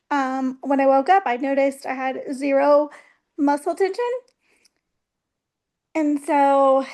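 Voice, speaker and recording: Woman guest, very high voice, halting testimony full of ums. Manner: hesitant, full of ums, heartfelt. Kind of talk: personal testimony.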